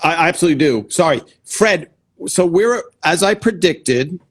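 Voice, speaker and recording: Over a video call, this male host runs a relaxed interview full of chatter, enthusiasm and easy laughter. His voice is fairly high and animated, with a breathy edge and a moderate pace.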